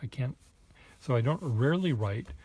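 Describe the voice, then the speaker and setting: A man vlogging casually, thinking aloud in a halting, self-deprecating way, with muttered asides. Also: medium pitch, expressive, a little mellow, husky.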